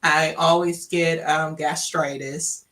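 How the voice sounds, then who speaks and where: A woman's voice: low-pitched, level tone, slow pace, a bit bright. A woman from Louisiana, candidly telling her personal story and acting out the dialogue she quotes. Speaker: guest sharing her story.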